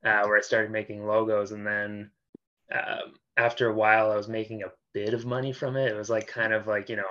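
Bright young man on dull audio. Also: on the low side, flat delivery, brisk. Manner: easygoing, laughs often, uses fillers. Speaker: logo designer guest. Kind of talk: casual interview chat.

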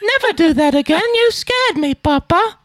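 A man doing the voice of a whimpering old-timey British child pleading with his papa in a high, quavering sing-song. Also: animated, moderate pace, fairly bright tone, dry recording, clean studio sound.

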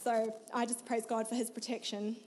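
A young woman tells her life story with earnest feeling. Her voice sits a little high. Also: little pitch movement, moderate pace, darkish tone, slight background noise. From New Zealand. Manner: earnest, emotional storytelling with frequent laughs. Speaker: guest. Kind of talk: personal testimony in an interview.

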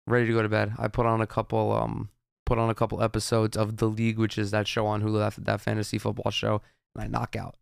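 A young man with a low, gravelly voice that still comes through smooth and resonant. He hosts a podcast and tells a rambling story full of swearing and restarts. The sound is dry and close. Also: completely flat delivery, quick pace, no room sound. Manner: rambling, profane, with frequent restarts. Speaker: podcast host. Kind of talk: casual storytelling monologue.

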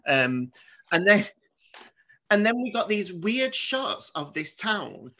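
A man chats through a film review with animated energy and plenty of swearing. His voice is bright and forceful. The recording is a little dull and muffled. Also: sits high, slow. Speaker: podcast co-host. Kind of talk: casual chat, film review.

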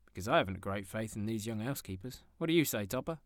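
Man doing a cheerful hearty young fellow, bright laughing manner, storybook reading, dry recording. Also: lowish voice, lively intonation, fast, dry recording, lightly acted. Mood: merry. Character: jovial young man, merry laughing nephew.

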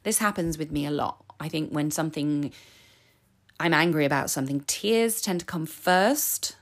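Podcast host, woman in her 40s, slightly low voice, candid confessional chat. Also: moderate pace. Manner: chatty, candid, openly emotional. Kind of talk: casual solo podcast talk.

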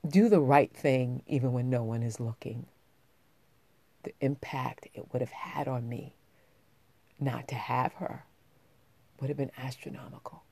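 A woman's voice: very deep voice, unhurried, pauses often, dark tone. A woman vlogging, telling a personal story in a heartfelt, rambling way with many restarts, getting emotional as she talks.

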